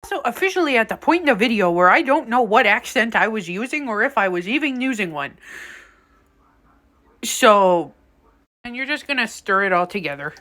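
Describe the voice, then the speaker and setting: A woman's voice: on the high side, expressive, moderate pace, fairly bright tone. A young woman casually narrating a home cooking vlog in her kitchen, joking and rambling with offhand asides. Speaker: home cook.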